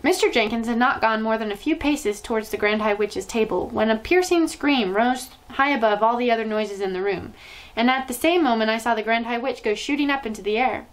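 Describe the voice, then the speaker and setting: A woman storyteller reading a children's novel aloud in an expressive, lively way. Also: on the high side, brisk, low-quality recording.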